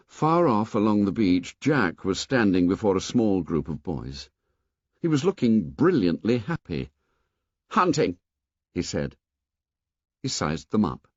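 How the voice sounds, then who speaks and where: A man reading a novel aloud in scripted narration, measured and expressive. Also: low-pitched, dry recording. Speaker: audiobook narrator. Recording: dull, dry studio audio.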